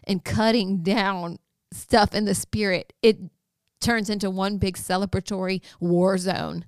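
A woman co-hosting a faith podcast, telling an excited story in casual chat. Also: medium pitch, clear, resonant tone, no room sound, studio quality. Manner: excited storytelling, fast and expressive. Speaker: podcast co-host.

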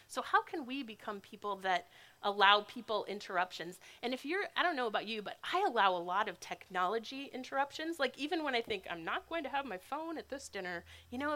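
A woman's voice: mid-range voice, bright, forceful tone. A woman giving a sermon in a casual, conversational way. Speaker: speaker.

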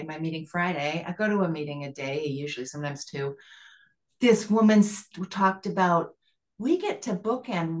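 Low-voiced woman sharing at a recovery meeting. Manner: rambling, earnest, many fillers. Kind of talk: sharing at a support group call.

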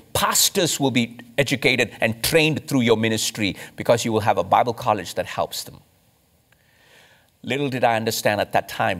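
A man from India, a pastor, preaching a sermon with emphatic rises and slow, stressed phrases. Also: medium pitch, a bit bright.

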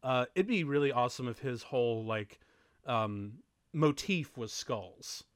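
A man chatting casually while watching a movie with friends, excitable, laughing often and swearing in mock outrage. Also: medium pitch, unhurried, clean tone, no room sound, clean studio sound. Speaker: movie commentary co-host.

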